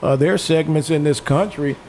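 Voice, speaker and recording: Male co-host, slightly high voice, blunt and profane, a drink in, halting delivery. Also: a little mellow, a little hiss or hum. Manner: blunt and profane, with frequent "uh" hesitations. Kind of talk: opinionated political talk.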